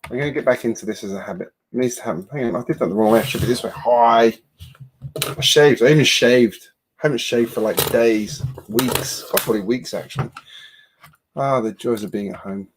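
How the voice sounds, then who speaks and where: Brief: a mid-pitched man rambling casually on a home live stream, with noticeable background noise. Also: a little fast. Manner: chatty, rambling, self-deprecating asides. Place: home build room at a computer.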